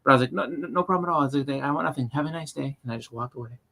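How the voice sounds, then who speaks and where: A man co-hosting a casual convention chat, telling animated stories and acting out the quotes. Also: mid-range voice, racing, vocal fry. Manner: animated storyteller, acts out quotes. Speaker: podcast co-host. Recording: live convention panel, roomy mic.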